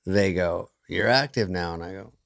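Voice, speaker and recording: A man's voice: sits low, normal speed, creaky, fairly bright tone. A man telling stories as a guest comedian in a casual podcast chat, acting out other people's lines in changed voices.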